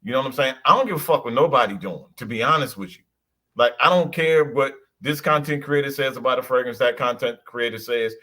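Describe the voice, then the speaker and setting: A man's voice: medium pitch, a little fast, bright, forceful tone. A man co-hosting a casual chat, talking bluntly in slang and swearing freely. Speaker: co-host.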